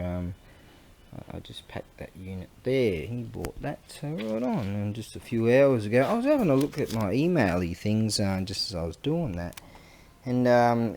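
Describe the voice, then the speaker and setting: A man talking in a casual, rambling vlog monologue. He swears a lot, laughs often and sometimes drops to a low mutter while he works. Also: a little mellow, a little hiss or hum. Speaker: vlogger.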